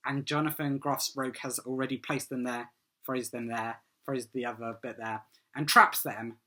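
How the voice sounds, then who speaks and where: A man talks through a TV episode review in a loose, unscripted way. His voice is bright and forward. He fills his sentences with "um" and "like" as he works out his thoughts. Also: mid-range voice, fairly even intonation, normal speed. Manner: rambling, full of "um" and "like", eager. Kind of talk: casual solo review monologue.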